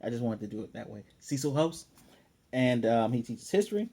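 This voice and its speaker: A man's voice: mid-range voice, sing-song, fairly quick, creaky, dark tone, husky. A man casually recapping and reviewing an anime episode, chatty and opinionated, with frequent fillers.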